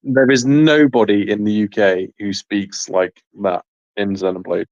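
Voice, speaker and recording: Laid-back British man, low voice. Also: unhurried, dry recording, dull audio. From United Kingdom. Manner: laughs often, relaxed and chatty. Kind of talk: casual chat on a live stream.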